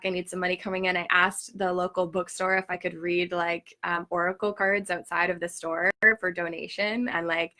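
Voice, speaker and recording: Chatty bright-voiced woman workshop host. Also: on the low side. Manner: chatty, heavy use of "like", emphatic and animated. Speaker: spiritual teacher hosting a workshop. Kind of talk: casual storytelling talk. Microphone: live stream, reads viewer comments.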